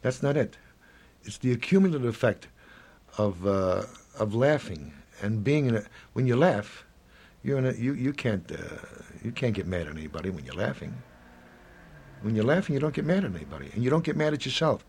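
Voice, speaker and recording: A man in his seventies speaking in an interview, rambling and halting, often acting out little snatches of dialogue. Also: mid-range voice, very animated, gravelly, a little mellow, breathy edge. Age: 70s. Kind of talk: reflective interview talk.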